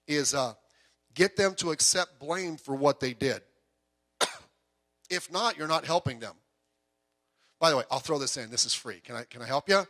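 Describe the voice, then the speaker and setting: Bright, high-voiced man preaching conversationally. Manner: conversational preaching with asides and anecdotes. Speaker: pastor. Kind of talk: sermon. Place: church sanctuary. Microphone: PA microphone heard through speakers.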